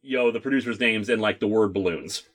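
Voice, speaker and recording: A man's voice: fairly low pitch, fast, a bit bright, husky. A man talking casually about producing his movie, rambling with fillers. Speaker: web video producer discussing his movie. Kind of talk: casual podcast chat.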